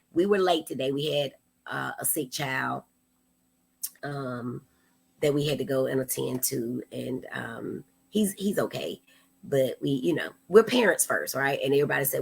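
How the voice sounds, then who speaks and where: Woman host chatting w viewers, low husky gravelly voice, playful. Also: a bit bright. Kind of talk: casual livestream chat.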